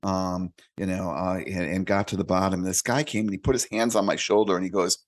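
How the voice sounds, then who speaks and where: A man's voice: sits low, fairly even intonation, fairly quick. A man in his late fifties, a career coach guesting on a podcast, explaining points and telling stories with frequent "right?" checks. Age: late 50s. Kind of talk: casual conversational interview.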